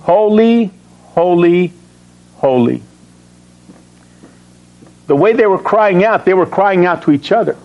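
A man's voice: sits high, fairly quick, hardly any pauses, dull audio. A man preaching a sermon as pastor, reading scripture aloud and asking his congregation questions, chuckling between points. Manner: animated, asks the congregation questions and answers himself.

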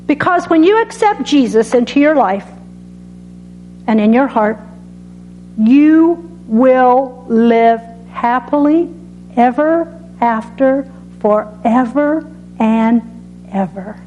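A woman preaching a sermon that ends with an altar call. She speaks earnestly and drops to a soft hush on her key lines. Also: sits high, animated, lo-fi sound, faint music behind. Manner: earnest, dramatic pauses, drops to soft tones on key phrases.

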